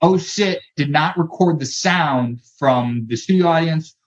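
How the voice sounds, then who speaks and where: Speaker in a relaxed chat, very slow delivery, slightly muffled lo-fi sound. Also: mid-range voice. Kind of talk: casual chat. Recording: slightly dull, lo-fi.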